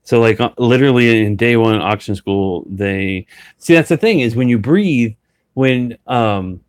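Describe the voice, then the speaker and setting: A man talking casually and rambling with many fillers, a licensed auctioneer who breaks into a rapid auction chant. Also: medium pitch, dry recording. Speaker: reseller and auctioneer. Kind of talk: casual live chat.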